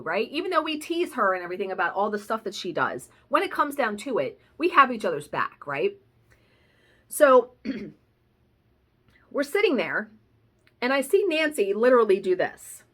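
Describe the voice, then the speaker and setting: A woman's voice: medium pitch, very animated, normal speed, fairly bright tone. A woman vlogger telling a story in a casual, chatty way, swearing now and then. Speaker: cross-stitch vlogger.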